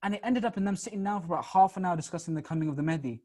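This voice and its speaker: A young man from the UK, a missionary on a Q&A panel, telling stories in a quick, animated, casual way with repeated starts. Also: high-pitched. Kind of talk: casual storytelling in a Q&A.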